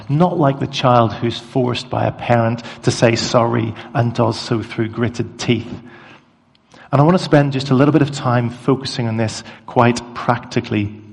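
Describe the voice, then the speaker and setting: Gravelly man preaching in a reverberant hall. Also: medium pitch, darkish tone. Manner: conversational, self-deprecating, with short pauses and fillers. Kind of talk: sermon.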